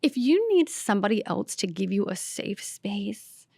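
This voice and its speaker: A woman's voice: medium pitch, sing-song, unhurried, a little mellow, slightly rough, no room sound, studio quality. A woman from the American South with a light Southern accent, a stand-up comedian hosting her own podcast in a brash, sassy, self-mocking solo rant. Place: podcast studio.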